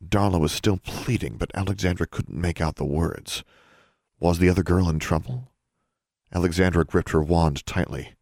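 A man narrating a fantasy audiobook in a measured, suspenseful storytelling manner. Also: deep voice, steady tone, vocal fry, a little mellow, dry recording, clean studio sound.

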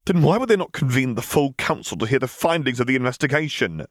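A man's voice: mid-range voice, lively intonation, fast talker, no room sound, clean studio sound, voice pushed up, natural voice. A man doing a tense young woman sheriff. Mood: urgent. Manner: tense, pleading, through a clenched jaw. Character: young female sheriff, composed but strained.

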